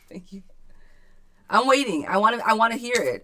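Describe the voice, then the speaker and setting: A woman's voice: fairly high pitch, expressive, normal speed, long pauses, bright, forceful tone. A woman giving a chatty live-stream tarot reading, reading viewers' questions aloud and calling them girl and friend. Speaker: tarot reader.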